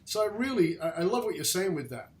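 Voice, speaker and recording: A man's voice: high voice, big pitch swings, quick pace, crowd noise. A middle-aged man hosting a casual interview. He tells stories with animation and laughs often. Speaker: podcast host. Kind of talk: casual chat.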